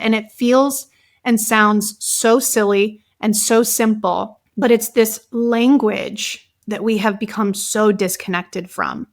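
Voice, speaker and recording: A woman guest and author talking casually in an interview, telling stories in a lively way and filling her speech with "like". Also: mid-range voice, slow pace. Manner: animated storytelling, many fillers like "like". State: emotional at times. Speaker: guest, author and somatic practitioner.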